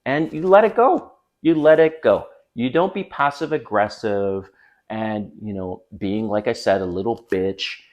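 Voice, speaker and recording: This dating coach runs his own channel and addresses the camera with frank, chatty advice, acting out any quoted lines. His voice sits lowish with a darkish tone, and he takes his time.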